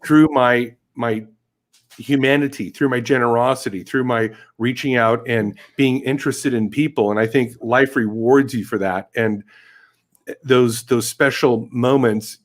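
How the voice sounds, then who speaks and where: A man's voice: medium pitch, fairly even intonation, a little slow. A man hosting a podcast interview, musing in an encouraging, reflective way. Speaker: podcast host. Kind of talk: casual interview chat.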